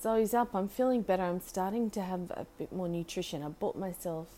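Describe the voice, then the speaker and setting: Woman, casual solo podcast host, rambling and halting, sweet baby talk to a pet bird, recorded at home, faint background noise. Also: lowish voice. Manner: rambling, halting, with restarts and soft laughs.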